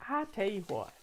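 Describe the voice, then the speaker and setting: An older woman with a Southern American accent, hosting a casual, folksy live chat in a chatty, rambling way. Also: medium pitch. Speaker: host.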